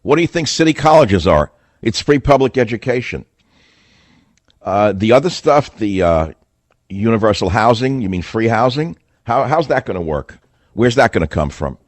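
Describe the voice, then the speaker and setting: A man's voice: mid-range voice, sing-song, moderate pace, no echo. A man hosting a talk radio monologue, combative and sarcastic, speaking with heavy emphasis into a close studio mic. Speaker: radio talk show host.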